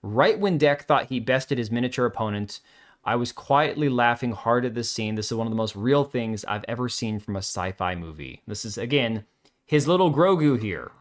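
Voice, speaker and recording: A man's voice: medium pitch, lively intonation, normal speed. A man hosting a live show, reading viewer comments aloud and reacting with blunt, sarcastic casual commentary. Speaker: livestream host.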